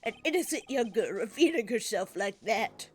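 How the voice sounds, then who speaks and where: A woman's voice: fairly high pitch, lively intonation, normal speed, faint music behind, natural voice. A woman voicing a grouchy old man who scolds and grumbles, in a game dialogue read aloud. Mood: scolding. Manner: cranky, scolding and gruff.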